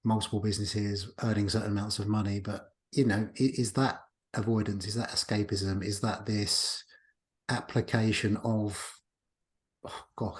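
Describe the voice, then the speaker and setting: Guy hosting his podcast, lowish voice, mulls things over out loud, lots of um pauses. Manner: reflective, thinks aloud with pauses. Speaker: podcast host. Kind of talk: casual podcast conversation.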